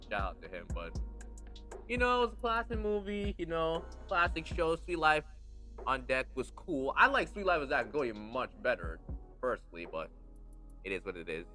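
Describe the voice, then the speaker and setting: Animated slangy young-sounding male podcast host. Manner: animated, slangy, emphatic, swings from low asides to excited highs. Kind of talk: casual solo chat ranking movies.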